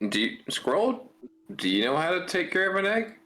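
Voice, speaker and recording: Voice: medium pitch, big pitch swings, normal speed, bright, forceful tone. A player in a tabletop game, joking playfully and laughing with the group. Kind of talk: casual tabletop game play.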